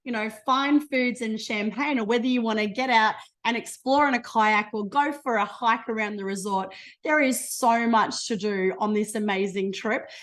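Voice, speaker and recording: A bubbly Australian woman with a fairly high voice talks through a slide presentation on a video call. She sounds enthusiastic and chatty throughout. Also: moderate pace, a bit bright. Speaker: travel promoter.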